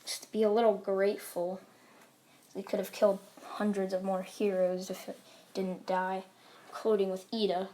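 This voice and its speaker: A smug, arrogant teenage boy who believes he is a god, as a woman reads him out. He talks low and quiet, cold and condescending, in a casual fan retelling. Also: little pitch movement, normal speed, lightly acted.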